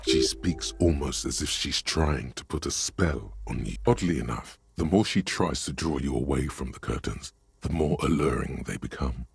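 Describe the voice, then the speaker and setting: An actor playing a brooding, ominous male game narrator with a gravelly, husky voice and measured delivery. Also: a bass voice, no room sound, heavily acted. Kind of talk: video game voice acting.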